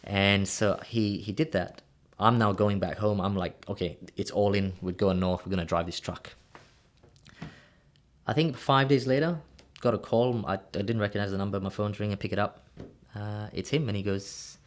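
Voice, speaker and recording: A man telling a story in an interview, animated and acting out the dialogue he remembers. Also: on the low side, a little fast. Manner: animated, acts out quoted dialogue. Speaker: guest, real estate coach.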